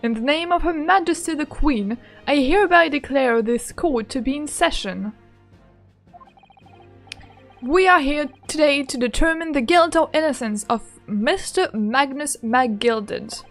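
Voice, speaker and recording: A woman reading as a stiff formal judge guy from a game, high-ish voice, soft music under it. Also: expressive, moderate pace, few pauses. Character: formal, solemn male court judge. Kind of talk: reading game dialogue aloud.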